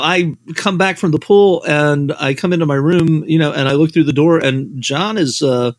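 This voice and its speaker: A man's voice: medium pitch, fairly bright tone, no room sound. A man, a novelist and screenwriter, telling rambling anecdotes as a podcast guest, full of "you know" fillers.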